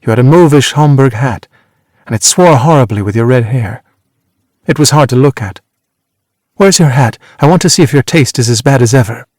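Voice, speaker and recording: A man voicing a sharp, teasing former actress. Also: mid-range voice, lively intonation, dry recording, clean studio sound, natural voice. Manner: teasing, brisk and cutting. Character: worldly former actress, woman in her thirties, sharp and teasing.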